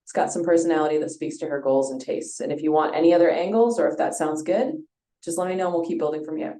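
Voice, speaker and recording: Low, mellow AI assistant voice. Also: female voice, quick pace. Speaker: AI chat assistant. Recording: roomy echo.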